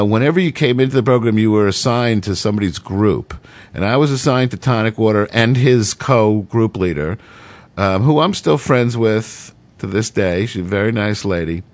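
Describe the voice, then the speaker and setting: A middle-aged man telling a long personal story in a rambling, profane way, full of fillers. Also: on the low side. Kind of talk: casual monologue.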